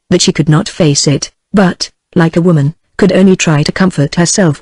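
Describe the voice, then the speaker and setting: A text-to-speech woman's voice with a British English accent, reading a novel aloud in an even, uninflected way. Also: on the low side, husky, dry recording, low-quality recording. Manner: even, uninflected reading of dialogue and narration alike. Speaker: narrator. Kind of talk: text-to-speech audiobook narration.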